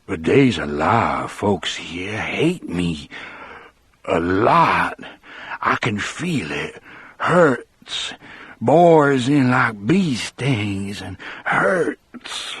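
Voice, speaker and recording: A man voicing a gentle giant of a condemned prisoner, who talks in simple, halting words with a trembling voice. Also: medium pitch, expressive, breathy edge, dry recording, voice pushed up, full character voice. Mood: scared, trembling. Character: huge gentle condemned man, scared and tearful.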